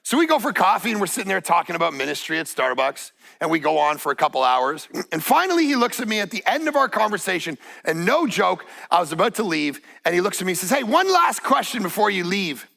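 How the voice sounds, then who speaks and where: A man's voice: sits high, sing-song, fast, creaky, few pauses, sharp tone. A middle-aged man preaching a sermon, telling a personal story in a conversational way that builds to emphatic points. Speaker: pastor. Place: church stage.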